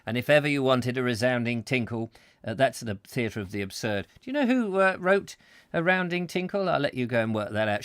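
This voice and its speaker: Middle-aged host, bright and bouncy, ranty comic chat, dry close mic. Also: male voice, mid-range voice, dry recording. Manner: rambling, playful, self-mocking, breaks into silly voices. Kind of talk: comic live chat show, reading viewer comments.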